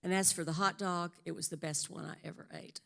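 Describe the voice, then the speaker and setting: An older woman, telling an unhurried story in church. Her voice is low-pitched and gravelly, picked up on a handheld mic. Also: steady tone, very noisy. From Western North Carolina. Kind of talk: personal story at a church service. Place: church sanctuary.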